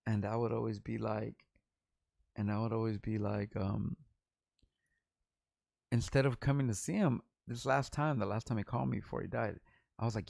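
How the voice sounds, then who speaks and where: A man's voice: fairly low pitch, normal speed, gravelly, darkish tone, dry recording, studio quality. A man in his forties from Los Angeles, a rapper talking in a rambling, profane and candid vlog monologue.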